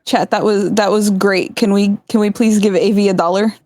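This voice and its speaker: A woman's voice: medium pitch, steady tone, normal speed, a little mellow. A woman livestreamer in casual chat, teasing and laughing, swearing freely.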